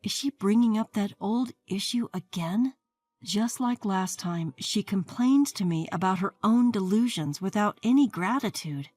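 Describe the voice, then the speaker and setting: A woman's voice: mid-range voice, lively intonation, unhurried, darkish tone, faint music behind. A woman in her forties narrating her own story in a wry, fed-up first-person way. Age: 40s.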